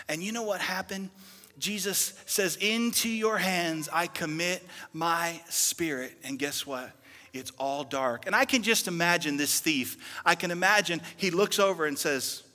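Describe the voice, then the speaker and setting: A young male pastor preaching a sermon, swinging dramatically between loud outbursts and hushed whispers. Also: on the high side, measured pace, breathy edge. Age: young adult. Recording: reverberant hall.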